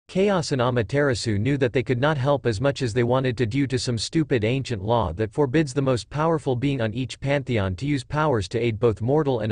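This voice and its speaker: A man reading a fan-fiction story aloud in a steady, even storytelling manner at a middle pitch. The sound is dry and close, with no room around it. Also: no echo. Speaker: narrator.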